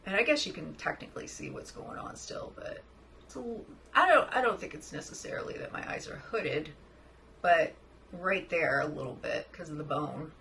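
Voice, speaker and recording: A woman chatting excitedly through a makeup tutorial, often dropping to a soft murmur as she works. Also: low-pitched, normal speed, gravelly, a little hiss or hum, rough recording. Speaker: makeup vlogger. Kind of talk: casual makeup tutorial chat.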